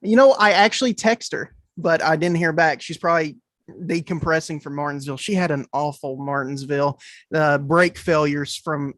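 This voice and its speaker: Man, podcast guest, friendly relaxed chat, slightly high voice, dry close sound. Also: moderate pace, no room sound.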